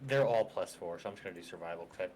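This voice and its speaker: A man's voice: sits low, rapid-fire, darkish tone, slight background noise, low-quality recording. A man playing a tabletop game, wryly narrating his character's actions. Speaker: player. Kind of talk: casual tabletop game chat.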